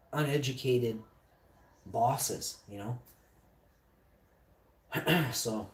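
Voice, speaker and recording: A man telling a personal story in a blunt, heavily profane casual monologue. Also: medium pitch. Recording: echoey room, distant mic.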